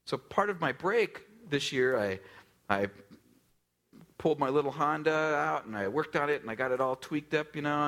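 A man in his forties preaches a sermon like he's chatting with friends, full of fillers and little jokes. His pitch swings widely as he acts out other people's lines, then sinks to a hush to drive a point home. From US West Coast. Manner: conversational, jokey storytelling with many fillers; acts out quoted voices, drops to a hush for emphasis. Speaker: pastor.

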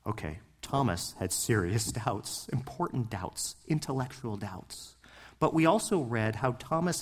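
A pastor with a medium-pitched voice preaches passionately in a conversational style, asking his listeners questions and building toward emphatic points, his emphasis rising and falling.

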